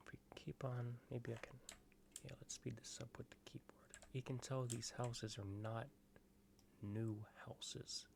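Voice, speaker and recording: A man hosting an ASMR gaming video, rambling in soft-spoken commentary that drifts between a quiet voice and whispers. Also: medium pitch, steady tone, unhurried, vocal fry, noisy background.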